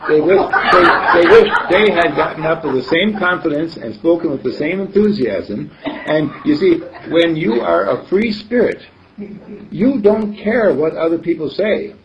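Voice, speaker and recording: A man's voice: on the high side, animated, measured pace. A man leading a group meeting who talks in a casual, teasing way and laughs often. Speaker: meeting leader. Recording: slightly dull with faint noise.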